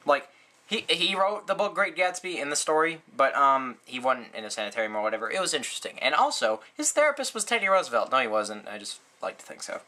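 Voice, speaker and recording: A man giving a casual movie review, rambling and sarcastic, with lots of "like" and "um" fillers. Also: a little fast. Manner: rambling, full of "like" and "um", sarcastic asides; animated, frequent jumps in pitch.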